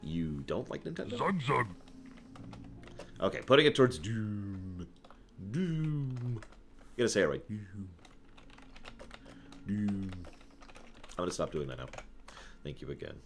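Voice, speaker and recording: A man's voice: deep voice, lively intonation, fast, gravelly, a little hiss or hum. A man answering viewer questions on a casual live stream, rambling, correcting himself and chuckling as he goes.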